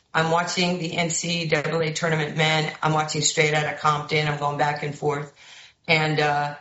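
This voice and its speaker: Low-voiced woman with a New York accent, telling stories. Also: echoey room, highs cut off. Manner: lively storyteller who acts out quoted voices. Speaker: basketball head coach, guest. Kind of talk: animated storytelling interview.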